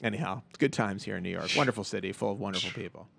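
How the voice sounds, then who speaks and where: A man's voice: fairly low pitch, racing, gravelly, a bit bright, no echo. A man hosting a podcast in a studio, talking casually, rambling and joking, laughing often. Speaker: podcast host. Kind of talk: casual chat. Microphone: studio mic on a boom arm.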